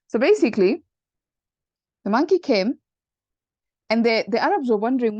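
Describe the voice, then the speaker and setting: A woman teacher telling a playful, jokey story to explain a lesson, in a conspiratorial, animated way. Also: on the high side, normal speed, long pauses, no echo. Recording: dull dry lo-fi recording.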